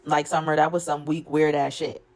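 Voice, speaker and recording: A woman's voice: deep voice, level tone, moderate pace, a little mellow. A woman recapping a reality show episode in a blunt, gossipy, profane way. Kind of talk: casual recap vlog.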